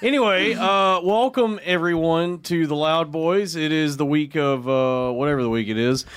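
A man's voice: fairly high pitch, moderate pace, fairly bright tone, clear, resonant tone. A man hosting a comedy podcast, rambling and joking with lots of fillers. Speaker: podcast host. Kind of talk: casual comedy chat.

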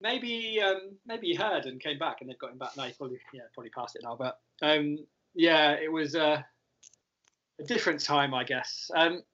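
A man's voice: a little high, moderate pace, sharp tone. A man, co-hosting a casual football podcast, rambling and wry. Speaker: podcast co-host. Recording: dull lo-fi recording.

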